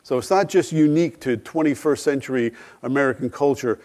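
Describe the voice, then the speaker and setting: A man's voice: medium pitch, a little fast, a little mellow. A middle-aged man preaching a sermon, earnest, asking rhetorical questions and acting out quoted dialogue. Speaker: pastor.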